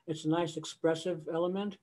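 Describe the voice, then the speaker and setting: Older male choral conductor, slightly high voice, chatty lecturing over a video call, sings snippets to illustrate points. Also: steady tone, a little fast, darkish tone. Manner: conversational, sings example phrases mid-explanation.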